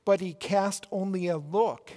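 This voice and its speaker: A pastor from Minnesota with a Minnesotan accent, giving an earnest, emphatic sermon with deliberate pauses. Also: male voice, sits high, dark tone, big-room sound.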